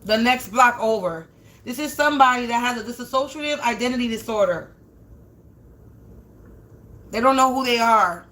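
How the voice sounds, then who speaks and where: High, bright-voiced woman ranting on a livestream. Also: animated, normal speed, long pauses. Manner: heavy swearing, indignant, rambling with restarts and stutters. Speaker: spiritual reader, livestream host. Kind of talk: livestreamed tarot-style reading, profane rant.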